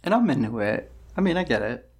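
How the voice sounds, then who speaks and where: A man's voice: mid-range voice, very animated, brisk, husky. A man co-hosting a casual podcast, dropping wry comments and laughing at his partner's story. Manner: wry interjecting remarks with frequent laughs. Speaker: podcast co-host. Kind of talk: casual chat.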